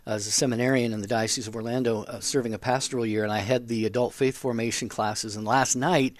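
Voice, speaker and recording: A man's voice: mid-range voice, steady tone, fast talker. A man co-hosting a phone-in radio show, making friendly, chatty asides to a caller. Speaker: radio co-host.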